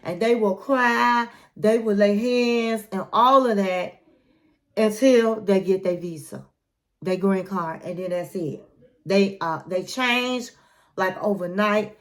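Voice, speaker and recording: A woman's voice: mid-range voice, takes it slowly. A woman hosting a casual reality-TV recap, chatty and opinionated, retelling scenes as she goes. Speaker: recap channel host.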